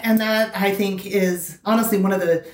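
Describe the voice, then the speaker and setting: A woman's voice: mid-range voice, steady tone, normal speed, a little hiss or hum. A woman chatting casually as co-host, frank and encouraging, laughing easily. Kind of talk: casual chat. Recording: echoey room.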